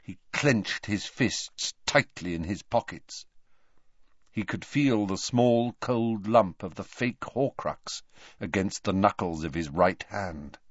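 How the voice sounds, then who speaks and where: Expressive male audiobook narrator. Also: on the low side, dry recording, lo-fi sound. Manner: expressive, varied delivery. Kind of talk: scripted narration.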